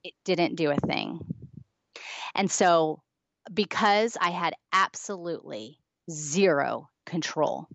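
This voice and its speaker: Low-voiced woman telling her story. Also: takes it slowly, creaky, fairly bright tone, no room sound. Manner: earnest storytelling, acting out past dialogue. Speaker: guest author. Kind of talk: personal testimony in an interview.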